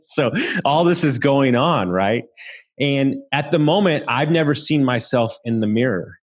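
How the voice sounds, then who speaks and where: A man's voice: mid-range voice, lively intonation, unhurried. A man from Southeast Texas telling a story as a podcast guest, talking casually, swearing freely and laughing as he goes.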